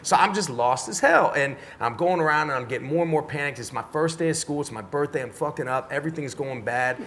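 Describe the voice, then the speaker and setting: Animated, profane middle-aged storyteller man. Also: on the high side, fast talker, slight background noise. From Washington, D.C., USA. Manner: animated, profane storyteller who acts out dialogue. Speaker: podcast guest. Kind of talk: casual storytelling interview.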